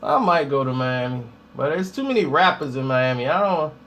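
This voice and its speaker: A man's voice: mid-range voice, expressive, moderate pace, fairly bright tone. A man ranting casually to the camera with slangy talk, telling funny stories and laughing often. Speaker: vlogger. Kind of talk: casual comedic rant to camera.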